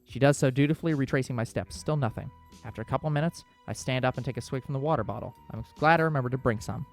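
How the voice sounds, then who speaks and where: A man's voice: mid-range voice, soft background music. A man hosting a let's play, reading a visual novel's narration aloud with small slips. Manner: quick, steady storybook reading with small slips.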